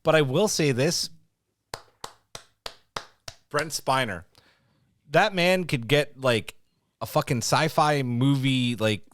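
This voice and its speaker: A man co-hosting a podcast, reviewing a TV episode in casual chat, animated and swearing freely as he rants. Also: mid-range voice, slow pace, long pauses, no echo. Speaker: podcast co-host.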